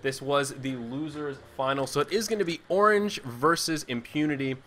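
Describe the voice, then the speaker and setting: A man's voice: fairly high pitch, normal speed, fairly bright tone. A man casting an online game match, joking and chatty between calls of the action. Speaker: esports caster. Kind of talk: play-by-play game commentary.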